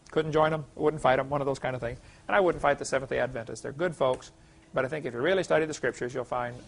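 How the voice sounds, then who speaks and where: A man's voice: mid-range voice, creaky, a bit bright. A middle-aged man teaching a creation science class, lecturing in a folksy, emphatic way and reading scripture aloud.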